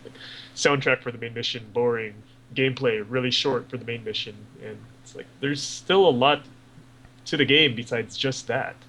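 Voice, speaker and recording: A man's voice: mid-range voice, moderate pace, sharp tone, slight background noise, poor audio. A man co-hosting a podcast, rambling casually about video games with lots of fillers and swearing. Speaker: podcast co-host. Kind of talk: casual gaming chat.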